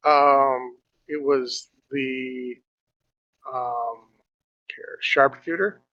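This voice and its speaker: A man's voice: mid-range voice, fairly even intonation, extremely slow, no room sound, lo-fi sound. A man playing an online tabletop game, unsure and asking how to work the controls. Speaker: player.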